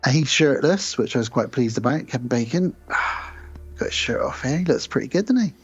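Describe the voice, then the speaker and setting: A man's voice: mid-range voice, lively intonation, moderate pace, slightly rough, muffled recording, faint music behind. A man co-hosting a podcast, retelling film scenes and acting out the characters' lines in casual chat. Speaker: podcast co-host.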